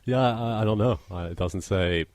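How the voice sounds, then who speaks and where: A man's voice: lowish voice, normal speed, a little mellow. A man co-hosting a casual comedy podcast, reading odd news aloud and laughing often. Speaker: podcast co-host.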